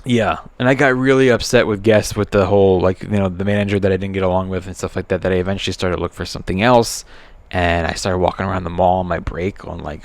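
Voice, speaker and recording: Rambling low-voiced male podcast storyteller. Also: fairly even intonation, fast talker, no echo. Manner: rambling storyteller, acts out quotes in raised voice. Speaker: podcast co-host. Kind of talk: casual chat.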